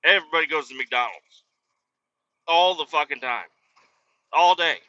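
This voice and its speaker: A man's voice: on the high side, normal speed, bright, forceful tone, dry recording. A man hosting a podcast, telling a rambling, profane story in a casual comedic rant. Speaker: podcast host. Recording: dull lo-fi dry recording.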